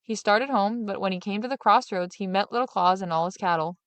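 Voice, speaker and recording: A woman reading a fairy tale aloud in steady, expressive narration. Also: mid-range voice, brisk, no echo. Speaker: storyteller.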